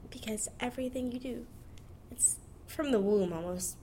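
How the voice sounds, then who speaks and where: A woman's voice: fairly high pitch, normal speed, warm tone, a little hiss or hum. A nineteen-year-old woman, talking frankly and chattily about her life, laughing as she goes. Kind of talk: candid personal monologue.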